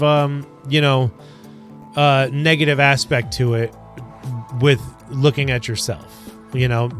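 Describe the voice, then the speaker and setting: A man talking to camera about handling anger, earnest and rambling, slow and deliberate, with many ums and you-knows. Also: mid-range voice, a bit bright. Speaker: wellness coach. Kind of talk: self-help talk to camera.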